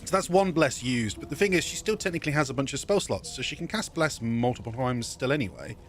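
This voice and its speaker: A man talks through his game in a casual, rambling way, often stopping to correct himself. His mid-range voice swings widely in pitch. A faint hum of noise sits behind him. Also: lively intonation, fast. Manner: thinks aloud, self-correcting, rambling. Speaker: let's play streamer. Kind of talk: casual gameplay commentary.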